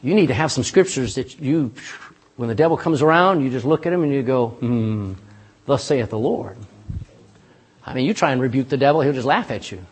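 A man's voice: mid-range voice, fast talker, breathy edge. A pastor preaching a sermon in church, folksy and emphatic, talking straight to his congregation.

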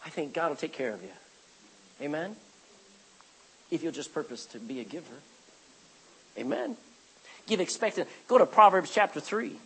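A man's voice: a little high, big pitch swings, normal speed, pauses often, bright, forceful tone, husky, rough recording. A man preaching a sermon as pastor, reading scripture aloud and calling out for amens from the congregation.

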